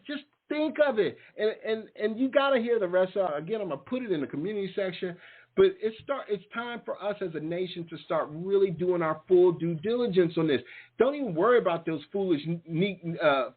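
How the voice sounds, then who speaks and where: A male show host with a high, husky voice delivers a fiery monologue that mocks his targets. He drives his points home by repeating phrases again and again. The sound is thin and tinny, like a phone line. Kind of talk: impassioned online talk show monologue.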